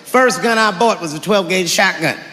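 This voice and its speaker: A man doing stand-up comedy before a live audience, deadpan and profane, with drawn-out punchlines. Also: high voice. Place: stage in a large hall before a live audience. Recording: echoey hall, crowd noise. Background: audience laughter and murmur.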